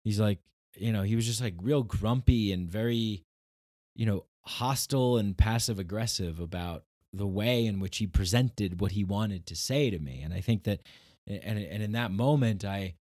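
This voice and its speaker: Rambling man telling a story, low voice. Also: moderate pace, darkish tone, dry recording, studio quality. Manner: rambling, many restarts and "like", acts out quoted lines. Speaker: podcast host. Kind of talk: casual storytelling monologue.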